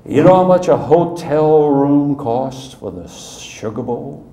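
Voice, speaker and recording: A man putting on the voice of a gruff, penny-counting older male athletic director, speaking louder, higher and with slow emphasis. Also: expressive, echoey room, exaggerated voice. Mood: lecturing.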